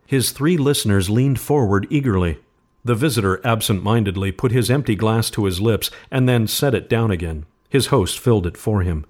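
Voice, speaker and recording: A man narrating a spooky storybook tale, steady and measured. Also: on the low side. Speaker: podcast host. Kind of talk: storybook reading.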